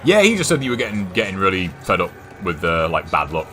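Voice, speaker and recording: A man's voice: deep voice, wildly swooping pitch, fast talker, sharp tone. A young English man streaming a game, rambling and chatting casually, swearing now and then. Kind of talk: casual chat while gaming.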